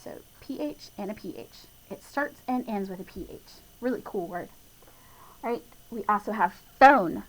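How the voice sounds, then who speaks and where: A woman's voice: mid-range voice, lively intonation, normal speed, poor audio. A woman teacher giving a spelling lesson to young children, patiently spelling words letter by letter, sounding out each part and chuckling at her own slips.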